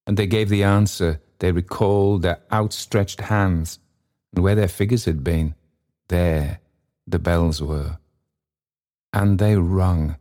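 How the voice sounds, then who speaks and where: Low slow-reading male narrator. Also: dark tone. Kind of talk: audiobook reading.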